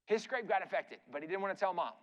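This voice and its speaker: A man with a very high voice preaches as a guest speaker in a church. He tells his story in a relaxed, chatty way and keeps checking in with the listeners with asides. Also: quick pace, highs cut off. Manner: casual, chatty, uses "like" and "right?" asides. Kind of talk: conversational sermon storytelling.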